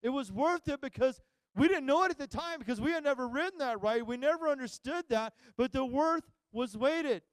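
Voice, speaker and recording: A pastor preaching a sermon, telling a funny family story and acting out the voices of everyone involved. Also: male voice, extremely high pitch, animated, fast talker, dry recording, clean studio sound. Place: church sanctuary.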